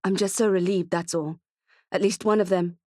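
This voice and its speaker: A woman voicing Keke, a tough, frantic female friend who talks bluntly and swears, in a dark thriller audiobook. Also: on the low side, fairly even intonation, normal speed, dry recording, clean studio sound, close to an everyday voice. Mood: urgent.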